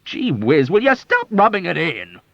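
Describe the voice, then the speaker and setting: A man reading an audiobook and voicing a blustering, petulant middle-aged male colonel who complains loudly and indignantly. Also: medium pitch, wildly swooping pitch, fast talker, dry recording, voice pushed up. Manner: loud, indignant, whiny blustering. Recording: dull, dry lo-fi audiobook.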